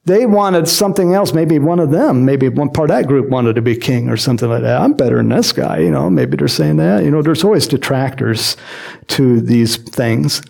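A man preaching a sermon in a lively, joking manner, acting out quotes and adding chuckling asides as he explains a Bible passage. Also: medium pitch, normal speed, vocal fry. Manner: animated and jokey, acts out quotes, frequent chuckles and asides.

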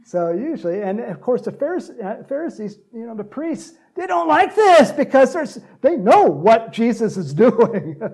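Guy preaching a lively sermon, kinda high voice, jokes around with the crowd, yells out cheers. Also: moderate pace, hardly any pauses. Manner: lively, acts out cheering crowds in loud shouts; joking asides to the congregation. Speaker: pastor.

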